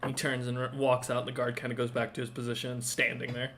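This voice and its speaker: Bright-voiced man narrating a game. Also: mid-range voice, monotone, fast, a little hiss or hum. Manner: casual, with many fillers and self-corrections. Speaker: game master.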